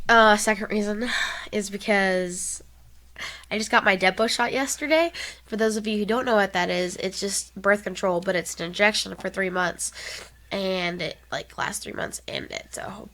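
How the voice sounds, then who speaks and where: A woman's voice: medium pitch, normal speed, a bit bright, low-quality recording. A young woman with a Southern American accent, co-hosting a casual podcast, stuffy-nosed, giggly and rambling. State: stuffy nose. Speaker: co-host.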